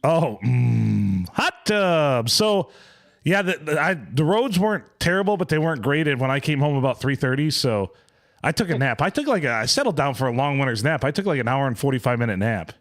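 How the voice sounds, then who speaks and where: Male podcast host, animated high-ish voice, quick to laugh, crude casual banter. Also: gravelly. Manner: joking, laughs often, lively pitch. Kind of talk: casual podcast chat over remote call.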